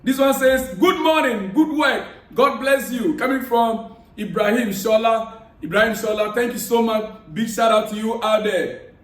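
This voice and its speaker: A man vlogging about football news, chatting casually and giving friendly, repetitive shout-outs while reading viewer comments aloud. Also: very high-pitched, normal speed. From Africa. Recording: echoey room, distant mic.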